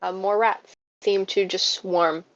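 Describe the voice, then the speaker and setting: A woman narrating a tabletop game as game master, relaxed and halting with many fillers. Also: medium pitch, no room sound, lo-fi sound.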